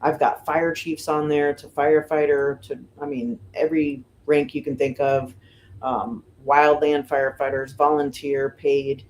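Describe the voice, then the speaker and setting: A middle-aged woman from the United States, a fire lieutenant, telling stories casually in an interview, with lots of "you know" and "um" and lively voices for the people she quotes. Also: deep voice, unhurried, slight background noise. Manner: chatty, fills with "you know" and "um", animated retelling of quotes. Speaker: firefighter lieutenant and guest.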